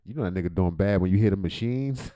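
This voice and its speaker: A man's voice: low-pitched, fast talker, clean tone. A man hosting a livestream, reacting to videos with rambling, profane, joking commentary. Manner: profane, rambling, jokey, loud swings in volume.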